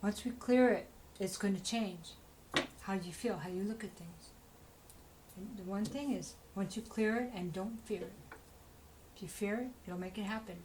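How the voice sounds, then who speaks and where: A woman talks through a tarot reading in a loose, chatty way. She rambles and drops frequent asides to the listener, and her voice sits at an ordinary middle pitch. She keeps encouraging the listener as she goes. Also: moderate pace, long pauses, background noise. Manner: chatty, rambling, full of "you know" asides. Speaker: tarot reader. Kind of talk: casual spoken tarot reading.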